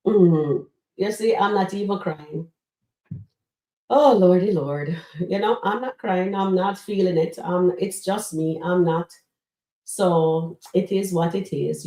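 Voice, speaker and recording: A woman's voice: lowish voice, warm tone, far from the mic. A woman hosting a live stream, chatting casually with her viewers as she reviews comedy skits. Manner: chatty, addresses chat as guys, frequent fillers. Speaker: livestream show host reviewing comedy skits. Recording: roomy echo, voice set back from mic.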